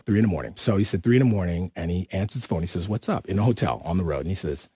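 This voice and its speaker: A man telling an anecdote on a talk show, animated and slipping into gruff, low voices for quotes. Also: rapid-fire, few pauses, no echo, clean studio sound. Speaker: guest storyteller.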